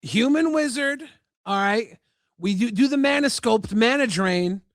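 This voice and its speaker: A man with a high, lively voice and a gravelly edge, recorded dry and close. He chats playfully as a podcast co-host, laughs a lot, and stumbles over repeated words. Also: unhurried, dry recording. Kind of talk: casual card-game chat.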